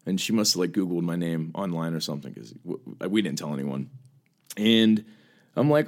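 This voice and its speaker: A man's voice: sits low, animated, fairly quick. A man co-hosting a podcast, telling a personal story in an earnest, casual way, often repeating words as he starts phrases. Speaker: podcast co-host.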